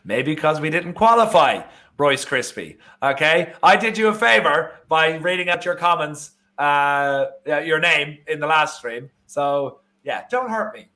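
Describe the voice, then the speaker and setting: His voice a little high and sharp in tone, a young Irishman co-hosts a live football watchalong at an unhurried pace. He rambles casually, restarting often and using many fillers.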